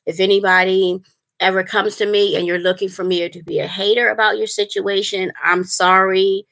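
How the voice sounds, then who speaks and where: Woman, casual livestream chat, spiritual life coach, earnest and rambling, bright tone. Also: medium pitch, little pitch movement, normal speed, creaky. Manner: rambling, earnest, many fillers and restarts. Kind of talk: casual livestream talk to viewers.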